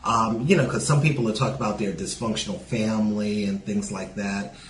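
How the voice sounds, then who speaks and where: A man's voice: on the low side, fairly even intonation, brisk, reverberant, a little hiss or hum, low-quality recording. Chatty New York man with a Southern lilt. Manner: chatty, frequent "you know" fillers. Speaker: stand-up comic guest. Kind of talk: casual podcast interview.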